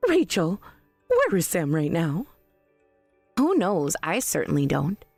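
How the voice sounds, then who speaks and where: A woman's voice: lowish voice, huge pitch swings, takes it slowly, creaky, a little mellow, no room sound, faint music behind, full character voice. A woman voicing a cold, blunt young wife who speaks in a cool, cutting, sarcastic way. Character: cold, blunt young wife confronting her mother-in-law. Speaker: daughter-in-law.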